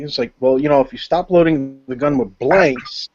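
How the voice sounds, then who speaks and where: A man's voice: medium pitch, moderate pace, lo-fi sound, a crowd in the background. A man joining a casual podcast chat with offhand jokes.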